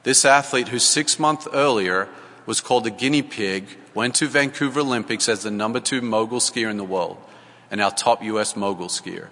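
Guy coach giving a church talk, earnest storyteller, lowish bright voice. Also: big-room sound. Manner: storytelling, earnest, acts out dialogue.

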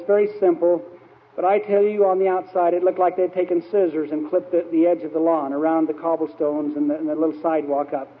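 A man telling stories in a sermon, rambling and anecdotal with frequent fillers. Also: high-pitched. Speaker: church speaker. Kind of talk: storytelling sermon. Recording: tinny, echoey old hall recording.

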